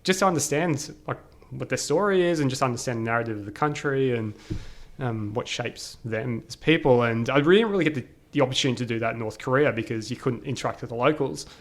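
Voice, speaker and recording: An Australian podcast guest with a mid-range voice animatedly describes his travels in a casual style, peppering the story with "like" and fast quoted voices.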